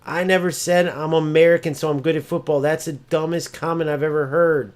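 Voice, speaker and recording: A man's voice: steady tone, fairly quick. Ranting male gaming streamer. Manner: ranting and mocking, swears freely; mimics opponents in a high sneering voice. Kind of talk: live gameplay commentary and chat.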